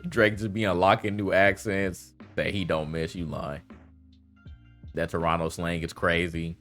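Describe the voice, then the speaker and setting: Faint music hums quietly behind a commentary vlogger whose voice is fairly low and whose speed is normal. He holds forth in a loose, slang-heavy rant, laughing often and looping back over his points with casual fillers.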